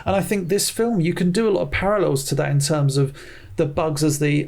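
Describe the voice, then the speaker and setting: Animated man reviewing a film. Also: on the high side, a little fast, gravelly. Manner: animated, mimics attitudes in quotes, many restarts. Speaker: podcast co-host. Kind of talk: casual film review chat.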